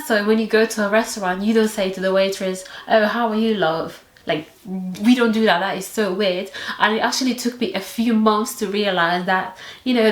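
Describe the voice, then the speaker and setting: A woman's voice: a little high, echoey room, poor audio. A young woman from Portugal with a Portuguese accent, chatting animatedly in a casual vlog, with many fillers. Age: young adult. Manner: animated and expressive, lots of fillers. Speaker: vlogger.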